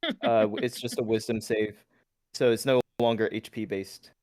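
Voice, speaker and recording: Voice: mid-range voice, fairly even intonation, normal speed, darkish tone, no echo. A tabletop player explaining a rule change casually and matter-of-factly.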